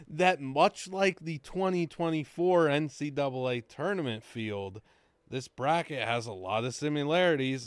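Deadpan man, smooth voice. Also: fairly high pitch, measured pace, no echo. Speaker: podcast co-host. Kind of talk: casual chat.

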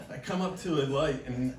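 A man with a fairly high voice tells crude stories on a comedy club stage and breaks into loud, shouted outbursts. He sounds distant in an echoey room, and a crowd laughs loudly around him. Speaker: stand-up comedian. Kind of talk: stand-up comedy set. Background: laughing audience.

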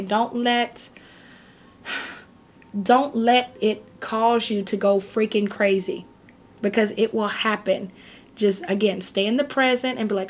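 A woman's voice: mid-range voice, slight background noise. A woman doing a casual tarot reading, chatty and reassuring, who keeps checking in with "okay?" and "right?". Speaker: tarot reader.

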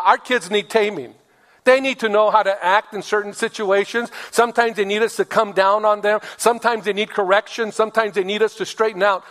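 A male pastor delivers a sermon with a high voice, hammering points home and calling for amens. The sound rings with a long reverb from a church sanctuary. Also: a bit bright. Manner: emphatic, repeats phrases, calls for amens.

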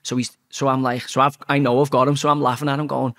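A man's voice: mid-range voice, fast. Blunt, foul-mouthed man. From England. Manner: blunt, heavily profane, animated anecdote-telling. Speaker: podcast guest, former footballer. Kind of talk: casual storytelling.

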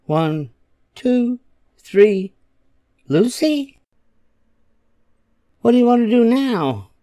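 An older man voicing a playful, pesky little sister in a storybook reading, with a high squeaky childlike voice. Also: very animated, extremely slow, warm tone, dry recording, studio quality, heavily acted.

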